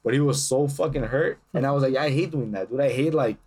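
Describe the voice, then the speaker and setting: This young adult co-host speaks at a medium pitch with a quick pace and a breathy edge. His podcast chat is casual and crude, full of lively stories where he performs the quotes of the people involved.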